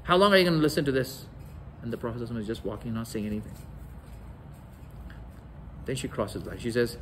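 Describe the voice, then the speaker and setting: A man's voice: mid-range voice, expressive, brisk, long pauses, a bit bright, a little hiss or hum, low-quality recording. A man giving a religious lecture, telling stories and acting out the quoted dialogue. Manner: storytelling, acts out quoted dialogue.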